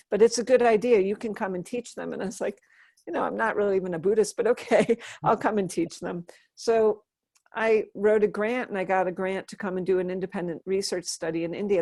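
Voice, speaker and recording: A woman's voice: mid-range voice, dry recording. A woman in her fifties, a Buddhist nun, telling a personal story in an interview and acting out the dialogue. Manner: animated storyteller, acts out quoted dialogue.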